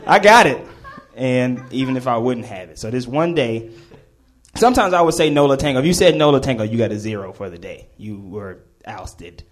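A man's voice: mid-range voice, animated, fairly quick. A man telling a comedic story to a live audience, laughing and acting out the voices of the people in it.

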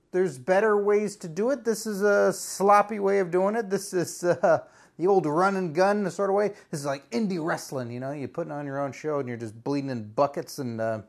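A man's voice: high voice, gravelly. A man hosting a podcast in a casual, rambling solo monologue, sounding frustrated and wry. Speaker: podcast host.

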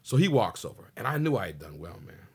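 A man in his sixties from the Pacific Northwest, a stand-up comedian telling a slangy, animated story in a casual interview and acting out the dialogue. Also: lowish voice, a little fast, husky.

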